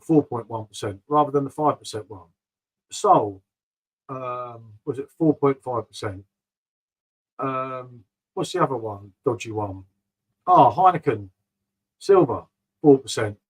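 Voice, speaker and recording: A middle-aged man talks loosely and chattily, drifting from topic to topic. His voice sits a little higher than most men's, and he keeps calling his listeners mate. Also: rough recording. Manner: rambling, chatty, calls viewers mate. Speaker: beer vlogger reading live chat. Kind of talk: casual live-stream chat.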